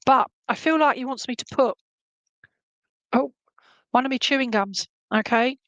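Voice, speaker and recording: A woman giving live psychic readings to viewers, chatty and animated, humming tunes and relaying messages as she goes. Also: sits high, normal speed, no room sound, lo-fi sound.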